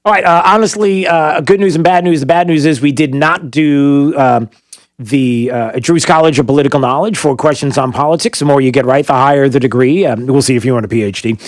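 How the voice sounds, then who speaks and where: A man's voice: medium pitch, brisk, dry recording, studio quality. Joking morning radio host, a man. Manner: joking, rambling, many fillers and restarts. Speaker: radio talk show host. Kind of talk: casual morning radio chat.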